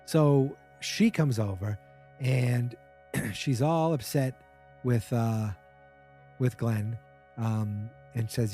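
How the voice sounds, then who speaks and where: A man's voice: medium pitch, drawn-out words, pauses often, warm tone, faint music behind. A man hosting a podcast, casually recapping a TV episode in a chatty, wry way and mimicking the characters' lines. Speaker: podcast host.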